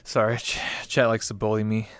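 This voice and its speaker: A man's voice: fairly low pitch, monotone, a little fast, fairly bright tone, smooth. A man hosting a casual streamed talk show, joking and self-deprecating with his guest. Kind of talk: casual chat on a live stream.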